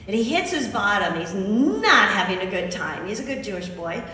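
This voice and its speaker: A woman preacher giving a sermon, telling a story with emphatic, animated asides. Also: medium pitch, normal speed, distant mic, a little hiss or hum. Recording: echoey hall recorded from afar.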